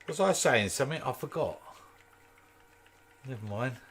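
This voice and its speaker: A man's voice: mid-range voice, expressive, normal speed, a bit bright, husky. Chatty man with a Kent accent. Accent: Kent English. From East London, England. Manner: chatty, jokey, answers viewer comments while working. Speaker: woodturning channel host. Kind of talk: casual live demo chat.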